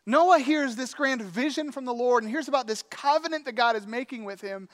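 A man preaching a sermon, telling a story in an animated, conversational way with acted-out quotes. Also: very high-pitched, a little fast. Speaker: pastor.

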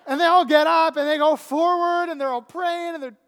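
Animated man preaching in a reverberant hall. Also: very high voice, brisk. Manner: animated, self-mocking, keeps adding "right?". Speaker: pastor. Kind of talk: storytelling sermon.

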